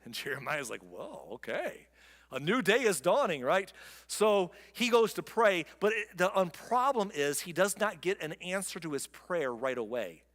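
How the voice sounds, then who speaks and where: A man preaching a sermon as pastor, reading scripture slowly and breaking into quick joking asides. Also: sits high, big-room sound. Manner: lively, reads scripture slowly then jokes in quick asides. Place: church.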